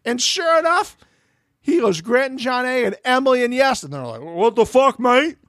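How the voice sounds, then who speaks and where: An extremely high-pitched man co-hosts a podcast, chatting casually through a reality show recap at a moderate pace. He swears and animatedly acts out what people said. The clean studio recording has no echo.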